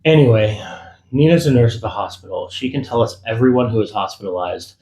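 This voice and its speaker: A man voicing a determined, quick-tempered young woman in an audiobook, pressing everyone urgently. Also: mid-range voice, animated, a little mellow, echoey room, close to an everyday voice, rough recording. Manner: urgent and insistent. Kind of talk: audiobook character voice.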